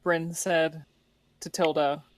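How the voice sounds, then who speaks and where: A woman's voice: sits low, level tone, slow pace, no room sound. Woman game master, teasing and playful, recorded close and dry. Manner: teasing, laughing often. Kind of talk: running a tabletop game, in and out of character.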